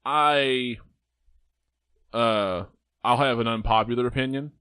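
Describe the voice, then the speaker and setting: A man's voice: mid-range voice, slow, sharp tone, clean tone, no echo, clean studio sound. Laid-back male podcast host. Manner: joking, rambling, laughs often. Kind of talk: casual chat.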